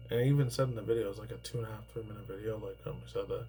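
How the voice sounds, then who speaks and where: A man in his thirties talks through casual news commentary in a loose, rambling way, with plenty of swearing and filler words. His voice sits low and has a dark, mellow tone, with a faint hum of noise behind it. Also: steady tone, racing, poor audio. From New York. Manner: rambling, profane, heavy on fillers. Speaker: YouTuber reacting to news.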